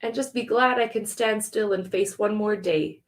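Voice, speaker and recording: A woman's voice: medium pitch, moderate pace. A woman reading her own story aloud at a live event, earnest and conversational, with laughing asides.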